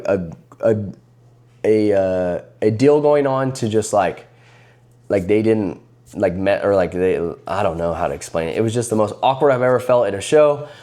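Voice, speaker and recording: A man with a low, mellow, warm voice tells a story to camera in a casual, rambling way. He restarts his sentences often and acts out the people he is talking about. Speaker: card vendor vlogger.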